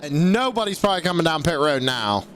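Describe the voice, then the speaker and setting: High-voiced, excitable sim racing commentator man. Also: fast talker, slight background noise. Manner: excitable, laughs easily, jokes with chat. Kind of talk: live race commentary. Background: race car engine sounds from the sim.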